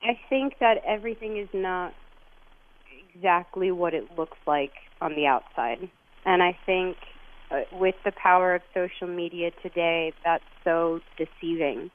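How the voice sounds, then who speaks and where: A woman's voice: fairly low pitch, measured pace. A woman from Texas, a guest on a phone interview, who speaks in an earnest, reflective way and often restarts her sentences. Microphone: phone line. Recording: tinny phone line.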